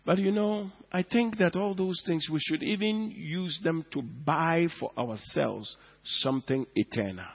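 Male pastor, high voice, preaching with big swings from quiet to loud, dull lo-fi church recording with long reverb. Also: a little slow, gravelly, few pauses, breathy edge. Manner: swings from hushed to loud, drawing out words for emphasis. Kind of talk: sermon.

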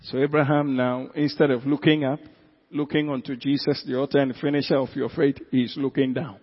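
A man with a Ghanaian accent, a pastor preaching a sermon who swings from quiet asides to loud, drawn-out emphasis. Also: mid-range voice, little pitch movement. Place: church hall. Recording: echoey hall, dull lo-fi sound.

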